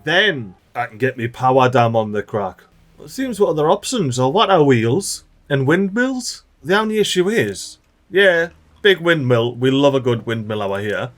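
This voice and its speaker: A man giving excitable, chatty let's play commentary and talking to the little characters in his game. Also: medium pitch, normal speed. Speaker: gaming channel host.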